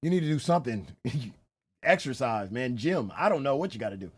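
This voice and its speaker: A woman's voice: very deep voice, big pitch swings, moderate pace, slightly rough. A woman reaction streamer talking bluntly and incredulously in casual commentary, swearing and laughing often.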